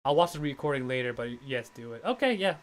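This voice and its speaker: A man's voice: medium pitch, sing-song, fast talker. A man streaming a game, chatting casually and rambling, often restarting his sentences. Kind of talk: casual let's-play commentary.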